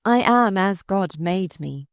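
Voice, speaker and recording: A woman's voice: medium pitch, expressive, slow pace, dry recording, clean studio sound. A woman reading aloud voices a pious, spirited young noblewoman who pleads with fervent conviction. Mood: weary.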